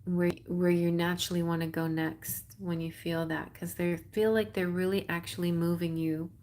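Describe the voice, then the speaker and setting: Hosting a live tarot stream, a woman with a Texas accent chats casually in a slightly low, somewhat mellow voice with little pitch variation. At a moderate pace she rambles, relies on fillers and laughs frequently, keeping things loose.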